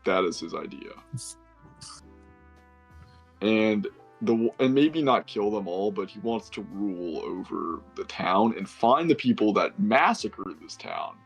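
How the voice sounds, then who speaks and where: Gravelly low-voiced man rambling through a recap. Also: lively intonation, moderate pace, soft background music. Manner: rambling, self-correcting, filler-heavy. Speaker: player recapping a tabletop campaign. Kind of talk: casual recap chat.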